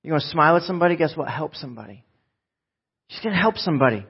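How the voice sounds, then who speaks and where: A man preaching a live sermon to a church congregation, joking and swinging from loud bursts to soft, low asides. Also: lively intonation, racing, breathy edge, highs cut off. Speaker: pastor.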